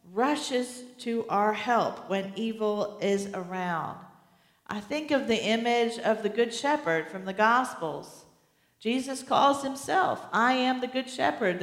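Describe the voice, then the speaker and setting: A woman pastor preaching a sermon in a slow, deliberate way, repeating key phrases for emphasis. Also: mid-range voice, a bit bright. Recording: echoey hall, long reverb.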